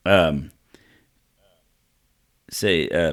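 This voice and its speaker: Laid-back podcast co-host reading the news, lowish voice with a bright, forceful edge. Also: male voice, fairly quick. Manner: laid-back, says "man" and "dude". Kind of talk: casual chat and reading news.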